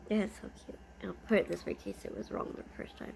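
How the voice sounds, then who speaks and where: A woman's voice: mid-range voice, fairly even intonation, fast, vocal fry, darkish tone, slight background noise. A woman vlogger chatting casually as she unboxes gifts, gushing and easily delighted.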